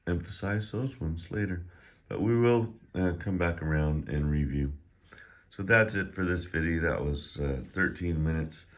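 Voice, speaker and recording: A middle-aged man with a deep voice talks slowly through a casual online Chinese lesson. He is chatty and self-deprecating, and his voice is wearing thin as he drills syllables louder and higher. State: voice getting tired. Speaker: Chinese teacher.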